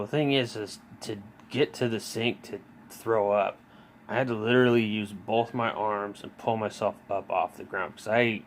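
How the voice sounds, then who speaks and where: A man's voice: on the low side, a little hiss or hum. A man telling a personal story in a rambling, casual way, with many fillers, restarts and swearing. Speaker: vlogger.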